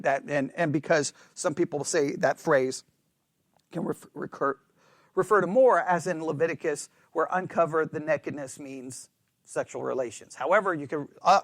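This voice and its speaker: A man with a slightly high voice teaches a Bible study class casually and conversationally, animated and constantly checking in with "right?" He jokes with dry, self-mocking sarcasm, and the recording is dry.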